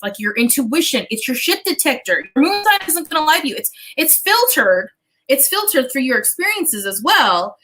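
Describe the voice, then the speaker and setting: A woman hosting a casual livestream as a business coach and astrologer, chatty and animated, swearing casually and talking straight to her viewers. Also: high-pitched, low-quality recording.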